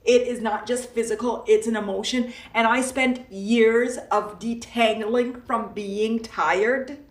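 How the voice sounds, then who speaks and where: Playful woman, higher voice, roomy sound. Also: steady tone, takes it slowly. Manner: playful and emphatic, with lots of repetition. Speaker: live-stream host and self-help coach. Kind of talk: casual motivational talk to a live audience. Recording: roomy echo, voice from a distance from the mic.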